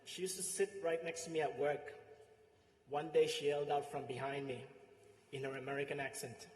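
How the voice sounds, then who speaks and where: A man with a Sri Lankan accent delivering a eulogy, heartfelt and pausing, his voice trailing softly at the ends of phrases. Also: a little high, flat delivery, slight background noise. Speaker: eulogist, friend and coworker. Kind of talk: eulogy speech with anecdotes. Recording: echoey hall with long reverb.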